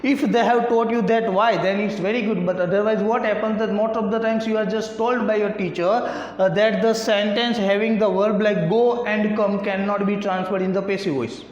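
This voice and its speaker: A man's voice: high voice, steady tone. A man with an Indian English accent teaching a grammar lesson, asking and answering his own questions step by step. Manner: slow, repetitive questioning. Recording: echoey room, slightly dull lo-fi sound.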